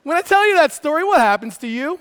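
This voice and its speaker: A man from Arizona, a pastor, preaching a sermon through an animated, playful comic story that swings between loud and quiet. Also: very high-pitched, quick pace. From Arizona, USA. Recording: long reverb of a large hall.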